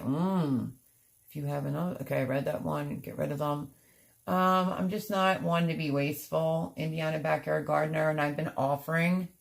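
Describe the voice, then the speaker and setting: A woman's voice: low voice, creaky. A middle-aged woman hosting a gardening livestream, chatting casually and rambling, sounding tired out. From Pennsylvania. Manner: rambling, chatty, many fillers and restarts. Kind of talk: casual live-stream chat reading comments.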